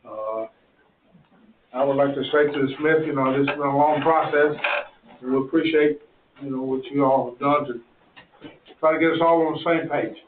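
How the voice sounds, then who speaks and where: A man's voice: mid-range voice, fairly even intonation, moderate pace, pauses often, noisy background. A man chairing a county zoning hearing, speaking plainly and procedurally. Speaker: board chairman. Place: county meeting room. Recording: echoey, tinny, far from mic.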